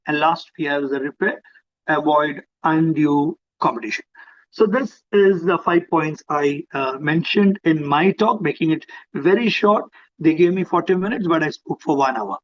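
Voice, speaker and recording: A middle-aged man with an Indian accent gives a lively talk on parenting over a video call, repeating himself and acting out parents and children. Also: on the high side, moderate pace. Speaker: parenting speaker. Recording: dull lo-fi video call audio.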